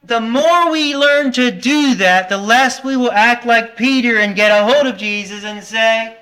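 A man's voice: very high voice, unhurried, sharp tone. A man preaching a sermon, earnestly putting questions to his congregation and sometimes stopping to correct himself. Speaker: pastor.

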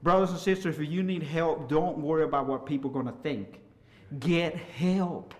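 Impassioned preacher man, slightly high voice. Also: moderate pace. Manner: impassioned, rises to loud hollering and drops to soft asides. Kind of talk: sermon.

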